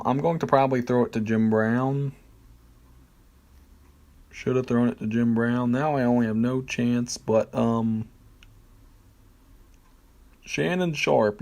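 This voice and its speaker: A man's voice: mid-range voice, steady tone, a little slow, long pauses, a little mellow. A man streaming a football video game, talking through his plays in a rambling, hesitant way with many fillers and jokes at his own expense. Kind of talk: casual gameplay commentary.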